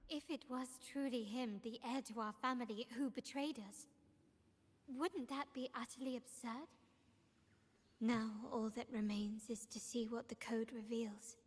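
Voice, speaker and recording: A woman's voice: fairly high pitch, fairly even intonation, breathy edge. Carlotta, a poised young noblewoman. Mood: calm resolve. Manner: composed, measured, commanding. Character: poised young noblewoman, family heir, investigator. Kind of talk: video game dialogue.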